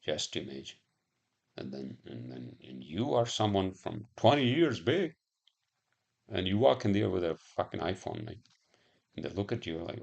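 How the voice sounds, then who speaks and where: A man's voice: low voice, big pitch swings, normal speed, vocal fry, breathy edge. A man rambling in a casual monologue, swearing often and musing aloud with lots of fillers.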